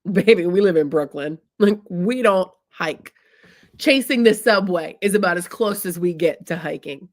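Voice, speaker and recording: A woman's voice: lowish voice, moderate pace. A woman from the US Midwest telling a funny personal story in a chatty, comic way, often calling her listeners "y'all". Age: adult, married. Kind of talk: humorous storytelling talk.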